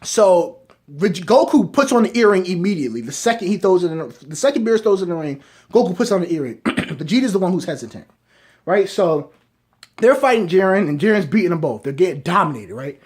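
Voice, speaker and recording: A young man reviewing a show in casual commentary, rambling as he pitches an idea and often tagging sentences with "right?". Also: lively intonation, a little fast, darkish tone, breathy edge. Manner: rambling, keeps asking "right?". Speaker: video reviewer.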